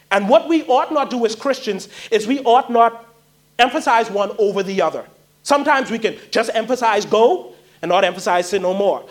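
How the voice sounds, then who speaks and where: A man preaching a sermon, emphatic and pleading, repeating key phrases for weight. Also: high voice.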